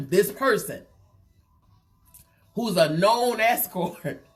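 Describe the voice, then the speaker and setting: A woman's voice: fairly low pitch, big pitch swings, slow, long pauses, a bit bright, faint music behind. A woman hosting a live gossip show, teasing and laughing often, repeating phrases and calling out "child" and "baby" as she comments. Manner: repeats and draws out phrases for effect.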